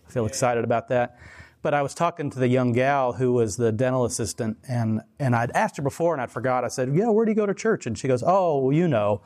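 A man's voice: medium pitch, a little mellow. A man preaching in a casual, conversational sermon style, telling stories with many restarts and laughing at himself. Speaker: pastor.

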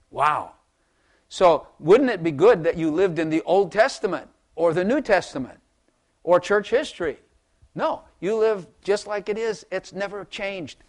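A man's voice: high-pitched, lively intonation, a little slow. An older man preaching a rambling, folksy sermon to his congregation, chuckling and repeating words as he goes. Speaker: pastor.

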